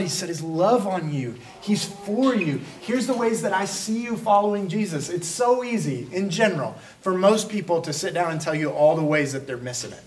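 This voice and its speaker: A pastor preaching a conversational sermon, breaking into quick acted asides. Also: male voice, high voice, distant mic.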